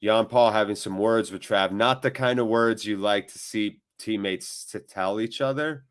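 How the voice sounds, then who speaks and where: A man hosting a live football watchalong, commentating on the match and chatting with viewers, with loud reactions to big moments. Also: on the low side, normal speed, clear, resonant tone. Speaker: watchalong host.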